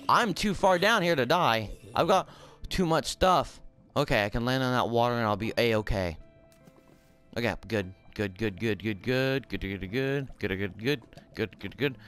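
A man giving casual gameplay commentary, swearing and shouting in frustration, then talking softly to his in-game pet. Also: medium pitch, animated, unhurried.

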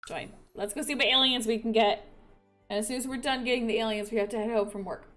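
A woman's voice: a little high, fairly even intonation, fast talker, a bit bright, faint music behind. A woman giving casual let's-play commentary, chatty and playful, joking at her own expense while she talks to her viewers. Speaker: game streamer.

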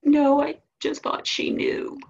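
A woman voicing a high, upset little boy. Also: monotone, slow, vocal fry, a little mellow, dull audio, exaggerated voice. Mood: protesting. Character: upset young boy, excitable and tearful.

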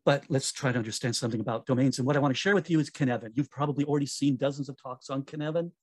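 A man giving a conference talk in a relaxed, conversational way, with fillers and self-corrections. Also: medium pitch, rapid-fire, husky. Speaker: conference speaker.

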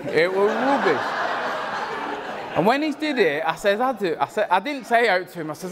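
Lad, young adult, slightly high voice, rambling and teasing wedding speech delivery. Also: male voice, expressive, normal speed, crowd noise. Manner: rambling, joking, teasing, self-interrupting. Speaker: friend giving a wedding speech. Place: wedding reception.

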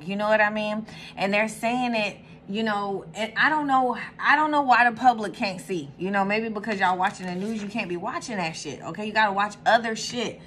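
Chatty, animated woman host, a bit high. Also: a little hiss or hum. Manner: animated, swearing, with laughs and sudden high squeals. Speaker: tarot reader and channel host. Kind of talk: casual chat.

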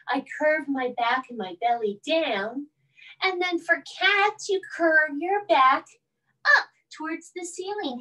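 Woman yoga teacher, high voice, very slow soothing bedtime cues, distant from the mic. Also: bright, forceful tone. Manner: soothing, slow and coaxing, with playful animal sounds. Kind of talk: gentle bedtime yoga instruction.

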